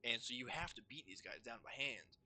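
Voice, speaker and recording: A man's voice: medium pitch, lively intonation, a little fast, pushed and bright. A man commentating a gameplay playthrough, rambling enthusiastically about the story. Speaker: gameplay streamer. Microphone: streaming microphone.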